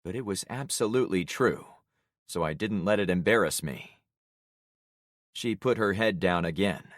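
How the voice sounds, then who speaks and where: A man narrating an audiobook in the first person, with steady, grave storytelling. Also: sits low, normal speed, pauses often, dry recording, clean studio sound.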